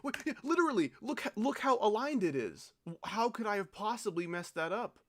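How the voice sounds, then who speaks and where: A man's voice: high voice, expressive, a little fast, fairly bright tone. A man streaming a game, talking in exasperated, incredulous bursts and swearing as he breaks down a failed attempt. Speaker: gaming streamer. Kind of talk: frustrated live gameplay commentary.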